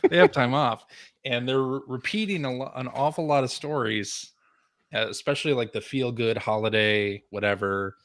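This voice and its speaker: A man's voice: medium pitch, moderate pace, fairly bright tone, no echo, studio quality. A man co-hosting a podcast in casual chat, upbeat and laughing often. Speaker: podcast co-host.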